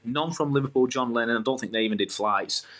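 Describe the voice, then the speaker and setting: A man, a podcast guest telling rambling, animated stories in casual chat. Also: mid-range voice, fast talker. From England. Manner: animated, rambling, self-interrupting.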